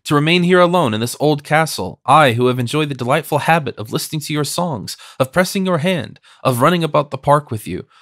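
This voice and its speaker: A man reading an audiobook, voicing a lively young woman who coaxes and teases her friend. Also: a little high, a little fast, hardly any pauses, no room sound, studio quality. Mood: coaxing. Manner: coaxing, insistent.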